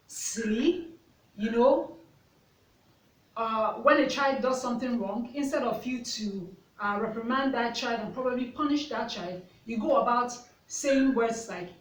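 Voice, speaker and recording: A mother who also teaches part-time tells stories to camera in an earnest, reflective way, repeatedly asking the viewer questions. Her voice is a little high, with slight hiss or hum. The mic is distant and roomy, picking up faint ambience.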